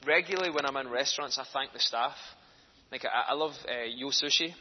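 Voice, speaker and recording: A man's voice: medium pitch, fairly quick. A man delivers a church sermon and moves from easy storytelling to fervent emphasis. His voice rings through a reverberant hall. The recording sounds muffled and lo-fi, with a faint hiss underneath. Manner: earnest, storytelling, rising to passionate emphasis. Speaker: speaker for a children's charity preaching in church. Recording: echoey hall, dull lo-fi sound, faint noise.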